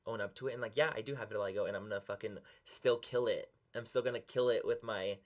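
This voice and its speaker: A man's voice: lowish voice, fairly even intonation, fast talker. Young man, earnest and emotional. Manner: earnest, openly emotional, swears casually. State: close to tears. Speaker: beauty vlogger. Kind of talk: emotional confessional vlog.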